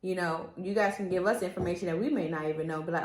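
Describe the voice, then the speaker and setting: A woman's voice: on the low side, expressive, a little fast, echoey room. Chatty woman co-hosting a podcast. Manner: chatty, asks the audience for feedback. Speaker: podcast co-host. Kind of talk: casual chat.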